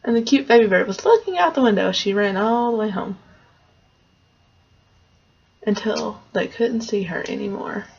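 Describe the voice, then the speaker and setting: A storyteller with a husky, somewhat mellow, medium-pitched voice retells a fairy tale at a brisk pace. She keeps it loose and conversational with fillers, and the recording is dull and lo-fi.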